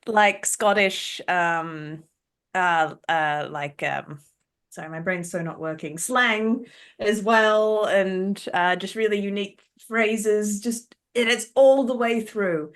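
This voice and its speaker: A woman's voice: medium pitch, takes it slowly, a bit bright. A woman co-hosting a podcast in casual chat, chatty and laughing, often searching for words. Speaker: podcast co-host.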